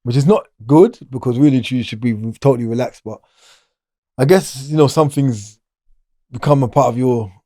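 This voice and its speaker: A man's voice: mid-range voice, moderate pace, warm tone, no room sound, clean studio sound. A middle-aged man, talking casually as an interview guest, rambling and restarting his sentences. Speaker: guest, former prisoner.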